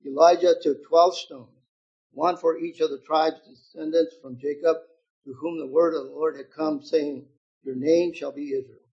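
Older male preacher in his 70s, husky and unhurried, slightly high voice, muffled lo-fi recording; shifts from loud scripture reading to hushed asides. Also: steady tone. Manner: swings between loud emphatic reading and quiet asides. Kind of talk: sermon reading and explaining scripture.

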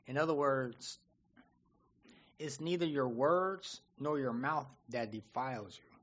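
A man preaching a sermon in an animated, conversational way, often acting out what people say. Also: mid-range voice, a little slow, muffled recording.

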